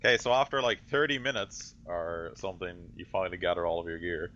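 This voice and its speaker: A man's voice: sits low, animated, fast talker, pushed and bright, dull audio. A man narrating a tabletop role-play game as game master, rambling through his descriptions with lots of fillers and self-corrections.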